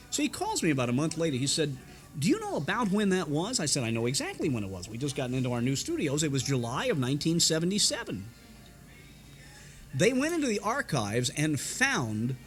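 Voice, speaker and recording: An older man from Indiana spins radio-days anecdotes in a high, lively, bright voice. He slips into quick voice impressions and sound effects as he goes. Faint music plays behind him in a restaurant. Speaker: veteran radio broadcaster. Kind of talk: anecdotal storytelling.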